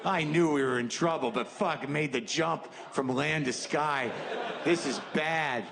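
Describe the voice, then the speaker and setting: A man's voice: on the high side, measured pace, vocal fry. A man in his fifties doing a stand-up comedy set, ranting in a profane, exasperated way. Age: 50s. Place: comedy stage. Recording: noisy live stage recording.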